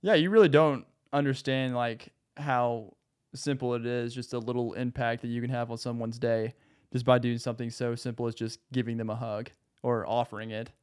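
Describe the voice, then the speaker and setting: Young man, smooth clear voice, podcast host, easygoing chatter. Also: medium pitch, fairly even intonation, normal speed, a little mellow. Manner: easygoing, chatty, many fillers. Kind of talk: casual podcast chat.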